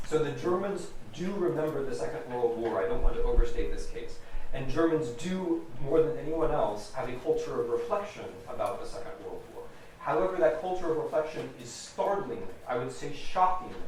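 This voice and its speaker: A man's voice: medium pitch, darkish tone, a little hiss or hum. A man with an American accent giving a public lecture, emphatic and repeating key phrases for stress. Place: large lecture hall. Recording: echoey hall recorded from a distance.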